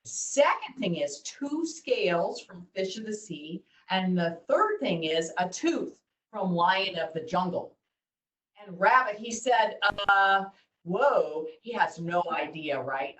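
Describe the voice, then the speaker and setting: A lively woman storyteller reads to kids on a video call and keeps asking them questions. The room gives her voice a roomy echo. The mic is set well away from her. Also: on the low side, unhurried, recorded from a distance. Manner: animated, asks the kids questions. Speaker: children's storyteller.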